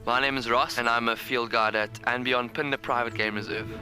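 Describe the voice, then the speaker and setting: A man's voice: medium pitch, fairly even intonation, a little fast, over loud music. A man, a field guide, giving a friendly promotional explanation to viewers. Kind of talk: promotional piece to camera.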